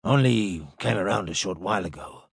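A man voicing a rough male spaceship crewman, talking in a slow, blunt way with informal slang. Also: fairly low pitch, no echo, clean studio sound, voice pushed down, full character voice. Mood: puzzled.

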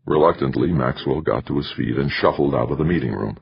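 A man narrating an audiobook in a measured, steady storytelling manner. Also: extremely low pitch, creaky, slightly rough, no echo. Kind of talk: scripted narration. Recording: dull lo-fi recording.

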